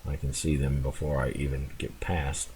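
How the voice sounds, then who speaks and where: A man giving relaxed, rambling commentary while playing a game, chuckling and restarting his thoughts as he goes. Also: extremely low pitch, moderate pace, a little hiss or hum. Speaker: gameplay commentator. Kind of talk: casual gameplay commentary.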